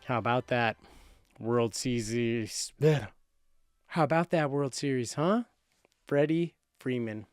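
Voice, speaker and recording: A man's voice: mid-range voice, slow pace, pauses often, clear, resonant tone, no room sound. Man, thirties, sports host, boastful, playful, dry close mic, faint music. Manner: boastful, playful, self-correcting. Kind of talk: casual sports commentary.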